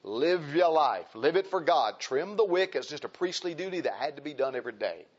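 A man preaching a sermon as pastor, with a folksy, animated delivery that swings from loud bursts to hushed asides. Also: fairly high pitch, fairly quick, dull audio.

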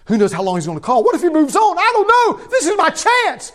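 A man voicing a desperate blind male beggar who cries out and pleads in a high, strained shout. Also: fast, natural voice.

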